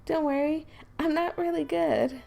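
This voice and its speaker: A woman's voice: sits high, steady tone, unhurried, vocal fry, dark tone, voice pushed up. A woman voicing a cheerful, confident teenage girl who leads a literature club, with a sweet, encouraging manner.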